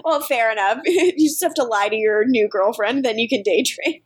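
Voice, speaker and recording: A woman's voice: on the high side, moderate pace, husky. Laughing woman recapping a show. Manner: animated retelling, laughing often. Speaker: podcast co-host. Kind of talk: casual TV recap chat.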